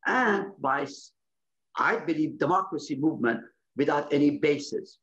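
A man's voice: fairly high pitch, animated, moderate pace, fairly bright tone. A man from Iran, explaining politics in a lecturing way, often restarting and checking in with "okay?". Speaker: interviewee, political commentator. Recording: slightly muffled, lo-fi recording.

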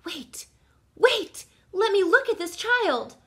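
Woman reading a protective mother bat, soft and tender, storybook read-aloud. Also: mid-range voice, lively intonation, takes it slowly. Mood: anxious tender.

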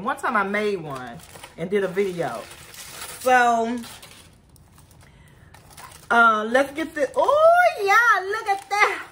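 A sharp-toned woman with a voice on the high side chats with viewers as she eats, describing her food in a casual vlog. She's an adult with a son who keeps saying "y'all," and a little hiss or hum is audible in the recording.

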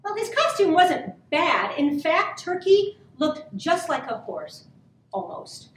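A woman gently and expressively reading a picture book aloud to children. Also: extremely high pitch, very animated, slow pace, slight background noise. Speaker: children's story reader. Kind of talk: storybook read-aloud for children. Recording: roomy, from a distance.

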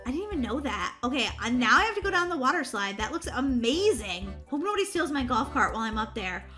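A woman's voice: high voice, very animated, fast talker, sharp tone, faint music behind, heavily acted. Woman doing a squealing, bubbly girl. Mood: excited. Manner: squealing, giggly, breathless exclamations. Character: bubbly, excitable young girl on vacation. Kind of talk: roleplay voiceover for a block-game video.

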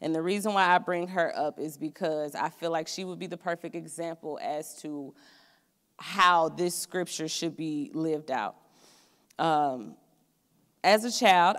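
A young adult woman preaches a student sermon in a college chapel, where a long reverb tail trails her low, slightly bright voice. She tells stories from her own life in an earnest, conversational way.

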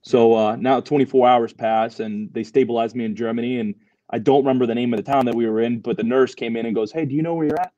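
Fast-talking man telling war stories. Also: medium pitch, level tone, warm tone, no room sound, highs cut off. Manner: fast, loose storytelling with lots of fillers and swearing. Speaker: guest, Marine veteran. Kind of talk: casual storytelling interview.

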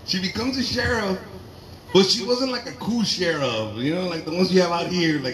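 A man doing a loud, profane stand-up comedy set, telling animated stories to a live audience in a garage. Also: high voice, a little fast. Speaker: stand-up comic. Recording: roomy garage with crowd laughter.

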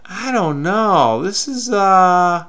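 A man's voice: sits high, animated, drawn-out words, fairly bright tone. A man hosting a crossword-solving video, talking frenetically and muttering to himself as he searches. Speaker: crossword solver. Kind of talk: casual puzzle-solving commentary.

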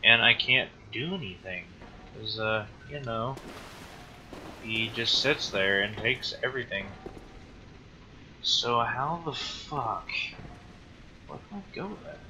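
A man narrating his own gameplay at an unhurried, drawling pace, cursing freely and sounding fed up with the game. His voice sits at an ordinary pitch for a man, and a steady background noise runs under the recording. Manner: profane, exasperated, rambling. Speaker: let's play gamer. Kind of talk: gameplay commentary.

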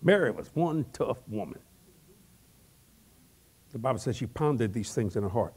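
An older man preaching a comic, animated sermon, with sudden shouts, laughing asides and folksy grammar. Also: medium pitch, normal speed, breathy edge. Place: large church hall.

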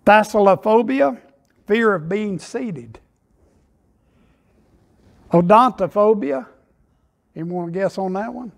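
A man preaches in a high, light voice, spinning homespun jokes and anecdotes into his sermon. His delivery is relaxed and folksy, with casual phrasing. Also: gravelly. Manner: folksy storytelling, Southern phrasing. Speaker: pastor. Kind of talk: sermon with humorous stories.

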